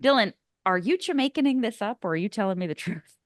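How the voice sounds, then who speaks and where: A woman's voice: mid-range voice, animated, quick pace, dry recording, studio quality. Chatty woman podcast co-host. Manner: chatty, rambling, teasing. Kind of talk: casual movie podcast chat.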